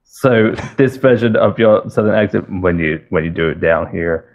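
A man working as an accent coach, calling in to give polite, measured feedback in casual chat. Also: low-pitched. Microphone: call-in audio. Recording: dull call-in audio.

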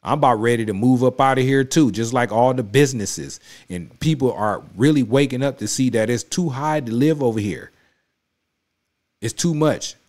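A man's voice: medium pitch, moderate pace, darkish tone. A man hosting a reaction video, commenting on a political speech in a casual, emphatic, repetitive way and talking straight back at the clip. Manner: emphatic, repetitive, conversational street talk; addresses the clip directly with rising heat. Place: home studio.

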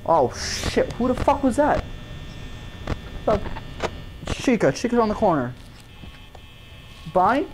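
A woman's voice: fairly high pitch, big pitch swings, takes it slowly, long pauses, background noise. A woman giving let's-play commentary on a horror game, panicky, swearing and talking to herself with sudden yelps. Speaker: gamer.

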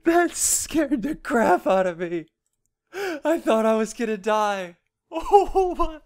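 A young man giving excitable, jumpy gameplay commentary, laughing often and yelping when startled. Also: high voice, takes it slowly. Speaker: gaming YouTuber. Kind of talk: Let's Play commentary.

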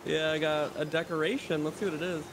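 A man's voice: on the high side, level tone, fast talker. A man gaming with friends in casual chat, upbeat, laughing and muttering to himself as he plays. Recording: noisy voice chat.

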